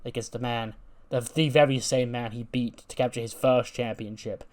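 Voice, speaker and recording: A man narrates a game session in a relaxed, rambling manner, filling his sentences with casual asides. His voice sits at an ordinary middle pitch for a man. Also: moderate pace. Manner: chatty, with many fillers. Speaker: video game let's play host. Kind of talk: casual let's play narration.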